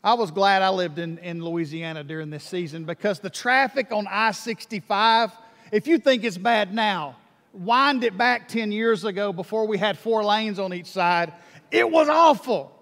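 High-voiced preacher in a reverberant hall. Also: male voice, normal speed. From Alabama. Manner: animated, repeats words, acts out prayers. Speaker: pastor. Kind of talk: sermon. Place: church sanctuary. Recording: long reverb of a church hall.

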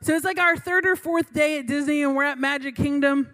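Her high-pitched, slightly bright voice moves briskly with fairly even intonation. The young woman delivers a sermon through a humorous story from her own life, chatting, poking fun at herself, and laughing between lines.

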